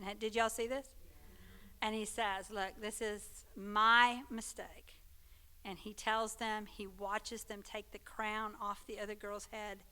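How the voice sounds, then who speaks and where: Woman, Sunday school teacher; bright, crisp voice, chatty, keeps checking in with the class. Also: medium pitch. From Texas. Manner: conversational, checks in with listeners. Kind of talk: church teaching talk.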